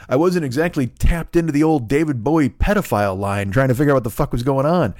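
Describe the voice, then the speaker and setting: A man's voice: mid-range voice, quick pace, hardly any pauses, no echo, studio quality. A man in his forties ranting and telling stories on a comedy podcast, profane, sarcastic and rambling. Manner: animated storytelling. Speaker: podcast host.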